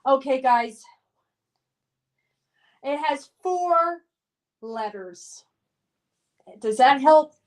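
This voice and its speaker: High-voiced chatty woman streamer. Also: expressive, extremely slow, long pauses. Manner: chatty and upbeat, laughs often, reminiscing. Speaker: live stream host. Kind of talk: casual live stream chat, reading viewer comments aloud.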